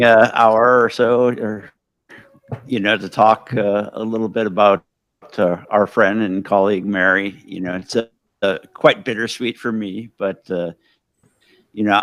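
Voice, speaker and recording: A man on a video call reminiscing casually, relaxed and filler-heavy. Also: lowish voice, no echo. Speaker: guest.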